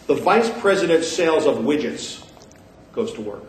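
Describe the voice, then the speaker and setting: A man giving an animated conference talk, emphatic and sarcastic, repeating his points for effect. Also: on the high side, brisk, slight background noise. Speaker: conference speaker. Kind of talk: animated lecture to an audience. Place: conference hall. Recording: echoey room picked up from a distance.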